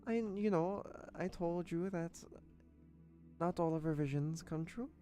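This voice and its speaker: A man's voice: on the high side, unhurried, mellow, faint music behind, voice pushed up, natural voice. A man putting on a cheerful Irish fortune-teller woman. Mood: friendly.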